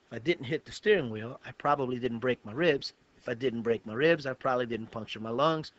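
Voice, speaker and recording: A man's voice: mid-range voice, a little fast, dry recording. A man, a pastor and guest on a talk show, telling a long personal story in an earnest, detailed way with frequent restarts. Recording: dull lo-fi web show recording.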